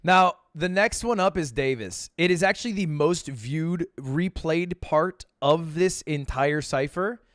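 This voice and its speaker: A man streaming and giving casual commentary on music, talking in a relaxed, rambling way with lots of fillers and some teasing. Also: on the high side, a little slow, hardly any pauses. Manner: relaxed, talky, full of "like" and "you know", teasing.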